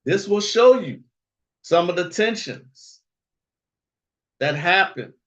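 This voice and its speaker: A man's voice: sits high, expressive, takes it slowly, a bit bright. A man hosting a livestream in casual, rambling talk, chuckling often and tagging lines with "okay?" and "all right?". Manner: rambling, frequent chuckles, tag questions. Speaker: livestream host.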